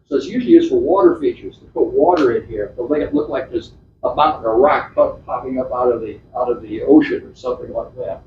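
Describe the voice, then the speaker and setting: At a club meeting in a meeting room, a man gives an informal slide talk, chatty and rambling, with lots of restarts and filler words. His medium-pitched voice moves a little fast, and the echoey, distant, dull recording carries a bit of hiss or hum.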